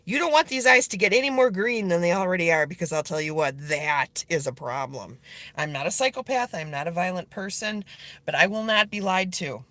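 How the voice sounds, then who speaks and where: A woman's voice: on the low side, fairly quick, a bit bright, no room sound. A woman livestreaming to her online group, talking earnestly and pleading directly with her viewers as she answers their comments. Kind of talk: casual live video chat, reading viewer comments.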